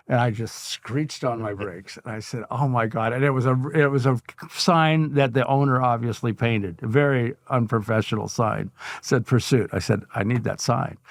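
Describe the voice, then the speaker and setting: An older man, a guest artist telling stories in a casual interview, animated and chuckling as he goes. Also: medium pitch, no room sound.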